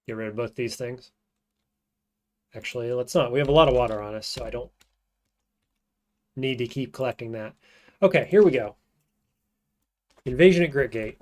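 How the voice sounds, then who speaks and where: A man streaming a roguelike, thinking aloud in casual gameplay commentary and often trailing off into quiet mutters. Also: medium pitch, a little fast, pauses often.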